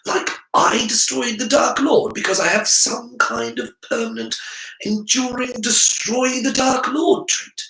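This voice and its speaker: A man's voice: very high voice, fairly even intonation, measured pace, gravelly, bright, forceful tone, roomy sound, pitched above the performer's own voice, heavily acted, poor audio. A man voicing an earnest, analytical boy wizard who explains things in a lecturing way. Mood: frustrated.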